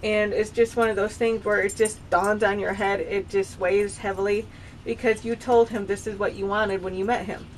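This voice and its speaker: A vlogger in her thirties talks to her camera at home with dogs nearby, rambling and confessional, drifting between thoughts and often restarting sentences. Her voice is mid-pitched and level, at a normal speed, with a faint room hum behind her.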